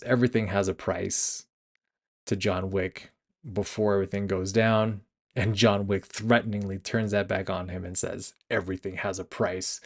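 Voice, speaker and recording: Young male podcast host with a slightly low voice, casual and rambling, corrects himself often. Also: gravelly. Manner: rambling, animated retelling with laughs and self-corrections. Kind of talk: casual movie review chat.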